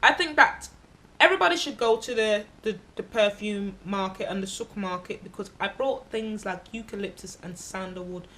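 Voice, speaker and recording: Bright-voiced candid woman vlogger. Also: medium pitch, normal speed. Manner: candid and expressive, acting out other people in her stories; blunt, swears freely. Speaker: travel vlogger. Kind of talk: casual travel vlog storytelling.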